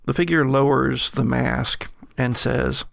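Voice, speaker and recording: A man narrating a tabletop horror game as game master, measured and halting with vivid description. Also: medium pitch, fairly even intonation, creaky, a bit bright, dry recording, clean studio sound.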